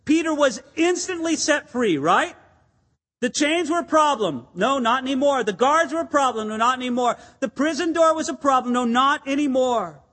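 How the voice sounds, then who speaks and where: A man delivers an earnest, emphatic sermon, his voice sitting unusually high. He drives his points home with rhetorical questions and repeated phrases. A long reverb from the church hall trails each line. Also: animated, normal speed, fairly bright tone. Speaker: pastor.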